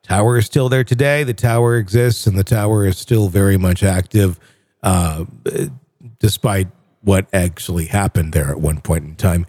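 A man co-hosting a casual chat show, telling stories in an animated way and breaking into impressions and swearing. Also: deep voice, normal speed, no echo, studio quality. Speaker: podcast co-host.

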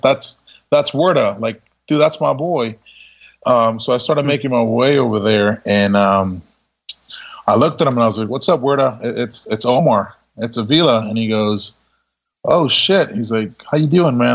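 A man telling a story as a podcast guest, laid-back and quick to laugh, with many fillers and restarts. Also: mid-range voice. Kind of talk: casual storytelling. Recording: dull lo-fi sound.

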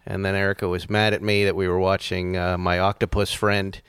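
A man hosts a casual podcast, rambling along in a smooth, resonant voice and laughing often. The sound is dry and close to the mic. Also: low voice, flat delivery, a little fast, fairly bright tone, dry recording. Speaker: podcast host. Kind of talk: casual chat.

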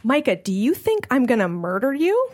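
A woman voicing an odd man producer who speaks in a calm, unsettling way. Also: sits high, normal speed, background noise. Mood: creepy calm.

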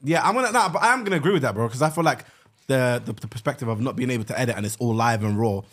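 Fast-talking enthusiastic man. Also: medium pitch, expressive, a bit bright. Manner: rapid, enthusiastic, slangy. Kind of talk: casual chat.

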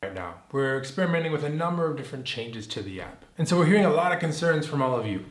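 Fast-talking man with an Israeli accent. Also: a little high, big pitch swings, roomy sound. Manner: earnest, explanatory. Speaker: company executive. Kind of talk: video address to app users.

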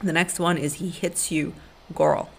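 A woman's voice: fairly low pitch, steady tone, measured pace, slight background noise. A young woman hosting a podcast, giving blunt, sassy relationship advice and calling listeners honey and baby. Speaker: podcast host. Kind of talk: casual advice monologue.

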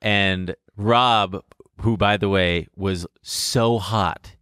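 Young guy telling a funny story, lowish voice, dry close sound, laughs a lot. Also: drawn-out words, clear, resonant tone, no echo. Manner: animated, laughing through the story, swearing. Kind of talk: casual storytelling.

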